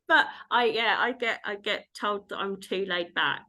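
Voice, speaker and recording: Her mid-range voice has a sharp tone and a measured pace, with hardly any pauses. This thirtysomething podcast host keeps things casual, telling family stories and laughing frequently.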